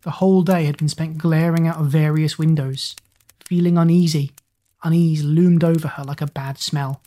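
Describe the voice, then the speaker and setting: A woman narrates a story in an even, measured reading voice. Her pitch sits on the low side, and her delivery stays steady from line to line.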